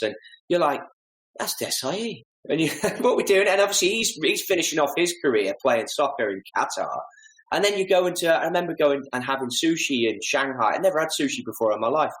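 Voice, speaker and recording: A man, a podcast guest telling animated, self-deprecating stories and acting out little asides. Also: medium pitch, reverberant, low-quality recording. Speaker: podcast guest, golf club fitter. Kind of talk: casual storytelling interview.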